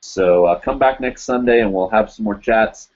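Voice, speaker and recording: This adult host, who teaches in Japan, loosely chats through viewer comments on his live web stream, rambling with lots of fillers and the occasional laugh. His somewhat low, slightly mellow voice moves at a normal speed over dull, lo-fi audio.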